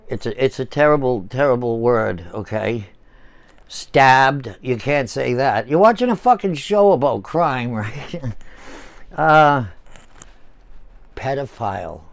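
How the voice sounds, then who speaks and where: An American man in his sixties hosts a channel and rants casually to the camera, swearing heavily, piling on heated sarcasm, and repeating words. His voice is medium-pitched and expressive, his pace unhurried. There's no room sound at all.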